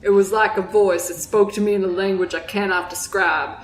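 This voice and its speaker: A woman voicing a haunted old drunk sailor with a put-on Southern accent, telling his tale slowly and solemnly. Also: mid-range voice, steady tone, close to an everyday voice. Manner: slow, solemn storytelling, breaking into giggles. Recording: roomy echo.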